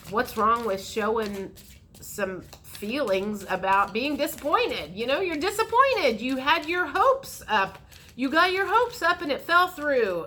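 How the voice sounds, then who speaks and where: A woman's voice: on the high side, sharp tone, a little hiss or hum. A woman giving a frank, chatty tarot reading, speaking straight to the viewer. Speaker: tarot reader. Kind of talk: casual tarot reading to camera.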